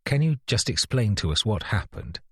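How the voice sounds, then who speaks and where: A kind, steady man who tries to calm a tense room, voiced by an audiobook narrator. His tone is soft and placating, low and slightly husky, in a dry close recording. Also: moderate pace, dry recording. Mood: gentle. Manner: gentle, placating. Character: calm, kind grown man soothing others.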